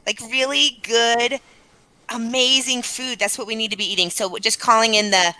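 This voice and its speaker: A woman's voice: a little high, steady tone, normal speed, sharp tone, clear, resonant tone, low-quality recording. A woman chatting enthusiastically on a casual podcast, using slang.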